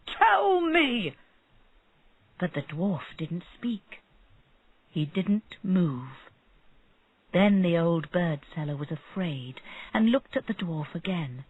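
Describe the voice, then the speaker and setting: Slow husky narrator reading an easy story, lively pitch, tinny dry audio. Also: no room sound. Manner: slow, clear storytelling for learners. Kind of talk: slow graded-reader narration. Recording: narrow phone-like sound.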